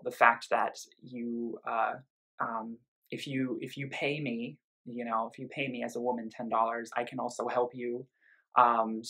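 Bright-voiced man reviewing an album. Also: mid-range voice, gravelly, poor audio. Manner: talks in loose bursts with many "um" and "you know" asides, engaged and explanatory. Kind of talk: casual spoken album review.

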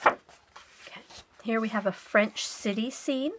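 A woman's voice: a little high, slow, very noisy. A woman, likely middle-aged, chatting casually to her viewers as she shows and describes craft purchases. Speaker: craft vlogger. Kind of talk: casual haul and flip-through narration.

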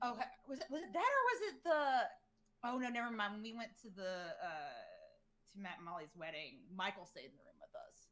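A woman's voice: medium pitch, very animated, normal speed, fairly bright tone. A woman chatting casually on a podcast, giggling often and rambling through stories. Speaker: podcast cast member. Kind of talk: casual banter.

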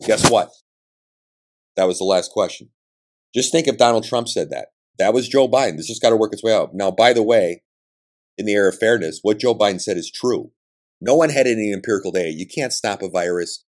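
Deep-voiced man ranting combatively. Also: normal speed. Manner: emphatic, combative ranting with blunt profanity. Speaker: podcast host. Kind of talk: political monologue.

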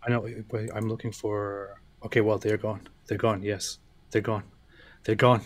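A man's voice: fairly low pitch, little pitch movement, moderate pace, crowd noise. A man co-hosting a casual livestream, rambling and teasing, laughing often.

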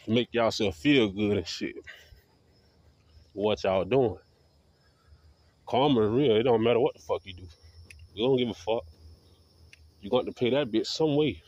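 A man's voice: on the low side, moderate pace, long pauses, a little mellow, no echo, muffled recording. A man delivering a profane, defiant, repetitive rant to camera as a video blogger. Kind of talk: ranting monologue to camera.

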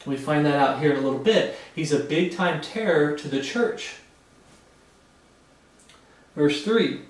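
A man's voice: fairly high pitch, moderate pace, pauses often. Man preaching in a echoey room. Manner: reads scripture aloud and explains it in plain casual talk. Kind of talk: sermon Bible study. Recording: echoey room, mic far off.

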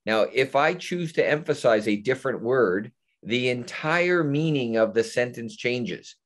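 A man's voice: medium pitch, unhurried. A man presenting on a webinar, talking with his hands and acting out example sentences as he explains over a video call. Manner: animated hand talker, acts out example sentences. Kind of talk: explanatory panel talk.

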